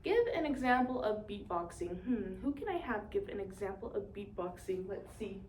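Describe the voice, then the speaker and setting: A young woman plays a cheerful teacher giving a demonstration lesson to an imagined class, leading call-and-response in an upbeat, encouraging way. Her mid-range voice is a little mellow, with lively intonation and a normal pace. The distant mic picks up an echoey room and a little hiss or hum.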